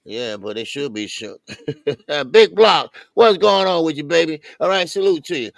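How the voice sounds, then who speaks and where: A man's voice: a little high, vocal fry, dry recording. A man co-hosting a live boxing talk stream, chatting casually and greeting viewers one by one in the chat. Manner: shouts out viewers with lively, drawn-out greetings. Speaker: boxing show co-host.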